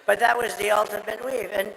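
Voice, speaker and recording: Speaking a little fast at a podium in a big, echoey rally hall with a crowd audible, a political speaker delivers a rambling, boastful campaign speech. His high-pitched voice stays fairly flat, a bit bright with vocal fry, and sounds strained and tired after a long day.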